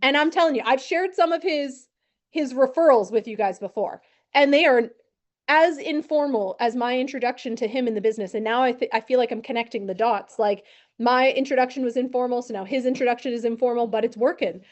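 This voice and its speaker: A woman in her thirties who trains insurance agents, telling a lively story with acted-out quotes. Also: on the high side, fairly quick. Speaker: insurance and financial advisor training new agents. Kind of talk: storytelling talk to a team.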